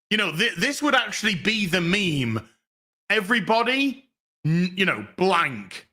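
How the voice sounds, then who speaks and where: A man hosts a casual livestream, rambling through his thoughts with frequent false starts and plenty of swearing. His voice is bright and forward, and pitched a touch high for a man. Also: sing-song, a little slow. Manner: rambling, with many restarts and swearing. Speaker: streamer host reading chat.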